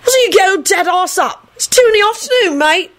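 A woman's voice: a little high, very animated, a little fast, breathy edge, voice pushed up. A woman doing a brash hot-headed boy wizard. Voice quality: loud, obstinate.

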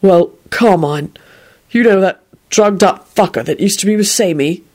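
A woman's voice: medium pitch, normal speed, a little mellow, lightly acted. A woman voicing a cheerful, self-righteous man with a violent streak who talks matter-of-factly. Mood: blithe. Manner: casual and matter-of-fact.

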